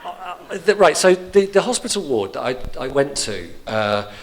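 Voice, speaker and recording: Middle-aged English stand-up comic, expressive rising and falling voice, rambling storyteller, live stage mic. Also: male voice, a little high, moderate pace. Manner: animated storytelling with frequent restarts and fillers. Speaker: stand-up comedian. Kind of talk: stand-up comedy. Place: theatre stage before a live audience.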